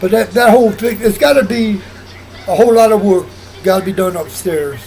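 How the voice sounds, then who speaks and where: A man's voice: sits high, fairly quick, gravelly, darkish tone, rough recording. A man vlogging in a rambling casual monologue, often repeating himself and restarting sentences.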